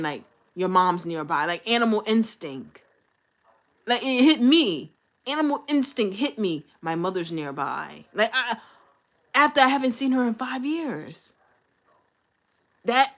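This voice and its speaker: A young woman chatting on a live stream, unhurried and drawn out in her delivery. She tells a personal story in a candid, slangy way, venting openly to her viewers. Her voice sits at an ordinary pitch for a woman. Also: a bit bright. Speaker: livestreamer.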